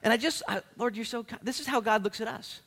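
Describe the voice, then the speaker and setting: A man's voice: very high voice, steady tone, fast, creaky, fairly bright tone. A man in his thirties preaching a sermon as pastor, joking and self-deprecating, with many restarts.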